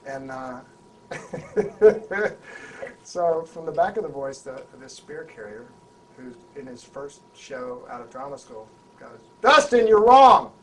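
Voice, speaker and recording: A man, an actor being interviewed, tells an anecdote in an animated way, restarting and repeating words as he goes. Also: medium pitch, slow. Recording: voice a bit far from the mic, faint background hum.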